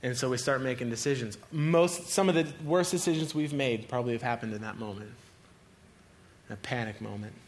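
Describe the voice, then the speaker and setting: Male pastor, mid-pitched voice, lively sermon delivery, faint noise underneath. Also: a little fast. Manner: animated preaching with cries to God.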